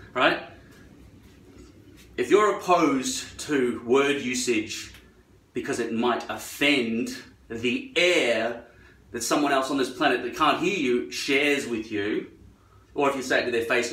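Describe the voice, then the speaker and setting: A man's voice: mid-range voice, unhurried, a bit bright, distant mic. Man ranting profanely in a roomy echo. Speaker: vlogger. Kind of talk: rambling monologue while trimming hair. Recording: roomy echo, away from the mic.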